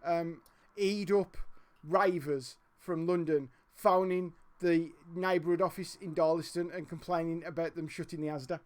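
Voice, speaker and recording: A man's voice: a little high, steady tone, normal speed. A man with a Black Country accent hosting a storytelling podcast, chatty and sweary, laughing often. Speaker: host and storyteller. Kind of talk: casual podcast chat.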